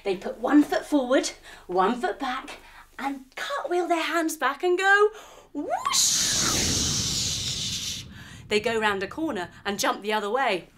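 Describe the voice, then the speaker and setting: A woman's voice: high voice, big pitch swings, moderate pace, heavy background noise. A woman teaching yoga to children through a playful story, full of sound effects and guiding instructions.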